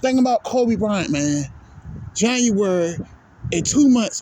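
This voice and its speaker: A man's voice: high voice, expressive, a little slow, dark tone, poor audio. A man hosting his own basketball channel, ranting in a profane, heated way that turns emotional, repeating "man" again and again. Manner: profane, heated, repetitive, says "man" constantly; swings from angry to emotional. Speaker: basketball vlog host. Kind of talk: ranting monologue.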